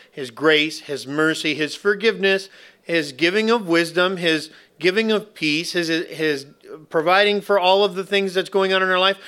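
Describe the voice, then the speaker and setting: A man preaching a sermon to a church congregation, with slow, emphatic phrasing broken up by playful asides. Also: high voice, bright, forceful tone, clean tone. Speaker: pastor.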